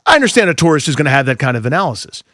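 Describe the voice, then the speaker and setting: A man co-hosting sports talk radio who speaks quickly, his fairly high voice jumping all over. He riffs with exasperated asides, and he sounds dry and close on the mic. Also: no room sound. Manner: rapid, animated, riffing, exasperated asides.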